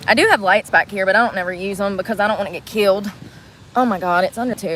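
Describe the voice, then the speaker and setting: A woman's voice: medium pitch, fast, fairly bright tone, a little hiss or hum, low-quality recording. A woman chatting on a livestream around a car, rambling, giggling and cursing, breathless from effort. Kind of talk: casual livestream chat.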